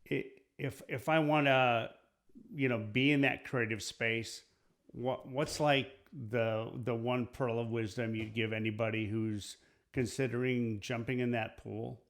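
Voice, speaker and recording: A middle-aged man hosting an interview, asking questions in a halting way and often repeating words. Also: medium pitch, fairly even intonation, a bit bright. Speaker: interview host. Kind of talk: casual interview.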